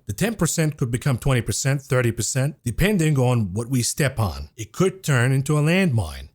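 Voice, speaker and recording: Man giving brisk, emphatic market commentary. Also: medium pitch. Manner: brisk, emphatic, talks through charts. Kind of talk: scripted-sounding market commentary.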